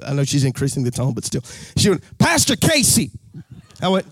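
A man preaching a live sermon as pastor, animated and folksy, breaking into shouts and a sing-song cadence. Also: mid-range voice, fast, dry recording. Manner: folksy, jokes with the crowd, repeats phrases.

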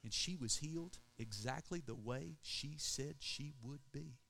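A man's voice: mid-range voice, measured pace, vocal fry, bright, forceful tone. A male pastor preaching a sermon in a church, emphatic and calling for amens. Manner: emphatic preaching, calls for Amen.

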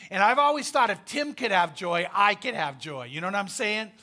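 A man's voice: high-pitched, big pitch swings, normal speed, pushed and bright. A man preaching a sermon, telling a story in an emphatic, conversational way with frequent fillers. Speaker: pastor.

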